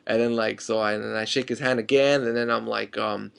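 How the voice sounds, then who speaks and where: A young man rambles eagerly through a fan story for his vlog, stumbling over restarts and fillers. His delivery is quick, and his voice has a gravelly edge. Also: fairly low pitch, fairly even intonation, a bit bright. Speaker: fan vlogger.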